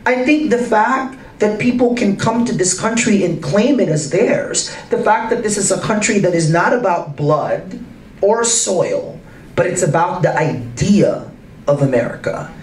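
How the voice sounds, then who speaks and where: A guest speaker in a public conversation at an arts center's event space addresses a live audience, emphatic and full of rhetorical questions. His lively pitch swings widely while he talks a little slowly and animatedly. The recording is roomy and distant, with faint noise.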